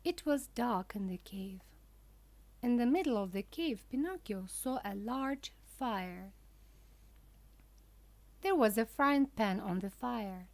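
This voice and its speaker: A woman narrating a children's storybook for language learners in a careful, deliberate way. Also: a little high, expressive, darkish tone, no echo.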